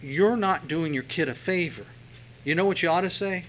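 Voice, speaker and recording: A male preacher retelling a scripture story in a relaxed, conversational sermon full of fillers. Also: a little high, normal speed, a little hiss or hum, rough recording.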